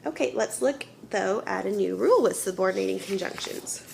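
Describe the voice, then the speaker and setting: This elementary teacher has an expressive, fairly quick mid-range voice with vocal fry, and there's slight background noise. She walks children through a grammar lesson patiently, step by step, often checking with "okay?".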